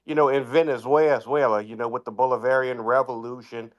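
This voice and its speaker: Halting man caller with a smooth voice. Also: mid-range voice, fairly even intonation, highs cut off. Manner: halting, many fillers and restarts. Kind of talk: casual call-in chat.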